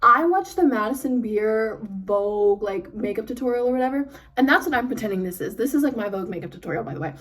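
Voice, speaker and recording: A young woman chatting as she does her makeup for a vlog, talking fast and rambling with lots of fillers, recorded on a phone. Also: on the high side, lively intonation, fairly bright tone. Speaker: beauty vlogger. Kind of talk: get-ready-with-me chat. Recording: phone mic from a distance, some noise.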